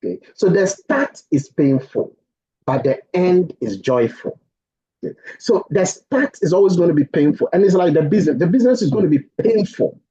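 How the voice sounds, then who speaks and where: A man's voice: sits high, normal speed, muffled recording. A man leading a training session, coaching the group and repeating motivational sayings over a video call. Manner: animated, preachy, repeats maxims. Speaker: program leader.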